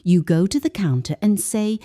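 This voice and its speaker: A woman teaching an English lesson in a slow, clear, scripted way, reading example phrases with a higher lilt. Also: animated, dark tone.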